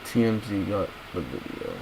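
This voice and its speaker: A man's voice: sits low, very animated, moderate pace, gravelly, background noise. Blunt, mumbly man ranting on stream. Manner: blunt, crude, repetitive, mumbling. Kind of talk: casual stream rant.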